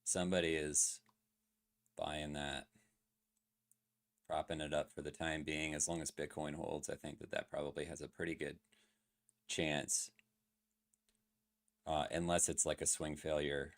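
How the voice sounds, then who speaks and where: Very deep-voiced man analyzing charts. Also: flat delivery, fairly quick, few pauses. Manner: loose, filler-heavy, asks chat questions. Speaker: crypto trading streamer. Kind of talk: casual livestream chart analysis.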